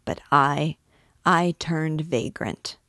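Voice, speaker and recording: A woman's voice: low-pitched, steady tone, drawn-out words, sharp tone, dry recording, clean studio sound, full character voice. A woman voicing a brash, boastful young man in armor, speaking with swagger.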